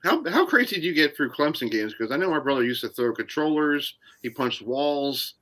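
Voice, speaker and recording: A man's voice: fairly high pitch, animated, a little fast, a bit bright, low-quality recording. A man hosting a sports radio show, chatting casually and asking his guest questions. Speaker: host.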